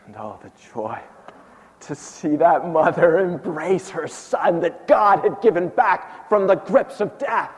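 Guy doing an old prophet telling his story, high voice, slow and drawn out, big echoey church. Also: animated. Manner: swings from hushed to impassioned. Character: aged male prophet recounting his miracles. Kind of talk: first-person dramatic monologue. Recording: long hall reverb.

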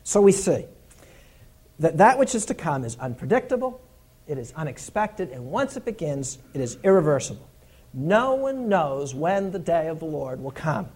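A man preaching a sermon in an earnest, emphatic way, repeating his key points and dropping to a low, hushed tone when he tells stories. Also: very animated, moderate pace, slightly rough.

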